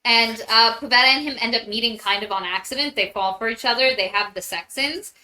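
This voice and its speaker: A woman's voice: a little high, brisk, pushed and bright. A woman co-hosting a casual book club podcast, retelling a story loosely with lots of fillers. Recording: roomy echo.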